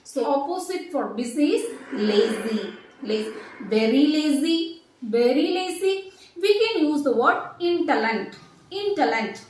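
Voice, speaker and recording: Teacher lady going over vocab slow, says everything twice, super echoey. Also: high voice, animated, far from the mic, a little hiss or hum. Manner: slow, repeats each word and example twice. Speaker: English teacher. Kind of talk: online vocabulary lesson. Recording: very echoey room.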